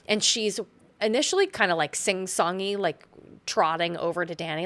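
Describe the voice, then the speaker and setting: A woman's voice: medium pitch, lively intonation, normal speed, a bit bright. A woman co-hosting a podcast, retelling a film scene in a chatty, casual way and acting out the characters' lines. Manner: chatty, full of "like" fillers, acts out quotes. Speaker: podcast co-host.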